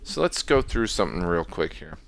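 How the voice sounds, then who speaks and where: Deep, gravelly wisecracking gamer. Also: male voice, very animated, brisk, a bit bright, a little hiss or hum. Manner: sarcastic, wisecracking. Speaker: let's play host. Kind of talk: casual gameplay commentary.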